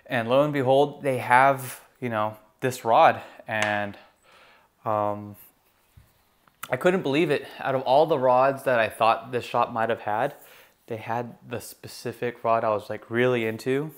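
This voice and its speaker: A young man talks casually about fishing gear, relaxed and rambling, full of "um" and "you know." His voice sits at an ordinary middle pitch, and he perks up when something excites him. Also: a little slow. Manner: relaxed, rambling, many fillers. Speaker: gear reviewer. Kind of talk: casual product review.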